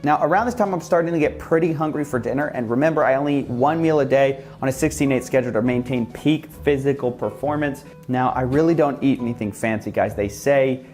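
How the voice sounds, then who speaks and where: A man's voice: mid-range voice, fairly quick, few pauses, darkish tone, soft background music. Man in a sarcastic mock-guru monologue. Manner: mock-humble, sarcastic, boastful guru act. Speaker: YouTuber. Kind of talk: comedic parody monologue.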